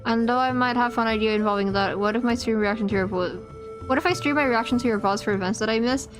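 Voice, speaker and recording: A woman's voice: a little high, fast talker. A woman live-streaming a game, chatting to her viewers in a rambling, chatty way and squealing when startled. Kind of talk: casual live-stream chat. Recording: game music behind the voice.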